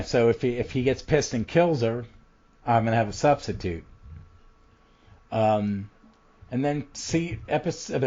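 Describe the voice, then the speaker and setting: A man's voice: mid-range voice, darkish tone. A man hosting a casual comic book podcast, recapping issues with lots of ums and restarts. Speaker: podcast host. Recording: dull lo-fi audio.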